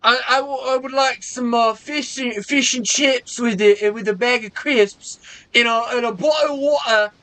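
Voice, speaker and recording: A man's voice: extremely high pitch, normal speed, pushed and bright, pitched above the performer's own voice. A man hamming up a comic British gent. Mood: mocking. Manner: over-the-top mock-posh, drifting off accent. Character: exaggerated British man ordering in a restaurant.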